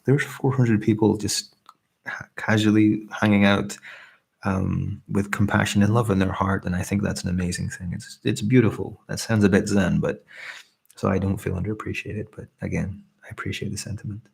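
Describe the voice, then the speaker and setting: A man in his thirties from Scotland, with a softened Scottish accent, hosting a soft-spoken ASMR live stream chat and reading out viewers' comments in an earnest, grateful way. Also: on the low side, fairly even intonation, moderate pace, gravelly, slightly rough.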